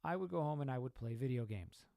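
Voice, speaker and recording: A man's voice: mid-range voice, animated, quick pace, creaky, dark tone, dry recording. A young man hosting a podcast, giving an emphatic motivational talk full of rhetorical questions and repeated points. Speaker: podcast host.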